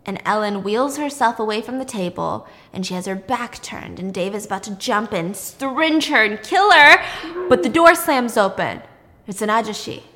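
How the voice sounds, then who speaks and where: Animated woman recapping a story, bright and slightly high, echoey room. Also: moderate pace. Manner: animated, acts out characters' lines. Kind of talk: casual retelling of a drama plot.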